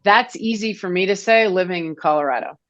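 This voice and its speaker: A woman's voice: on the low side, brisk, dull audio. A woman in her forties, a foot health clinician, explaining things casually with many fillers and restarts in an interview.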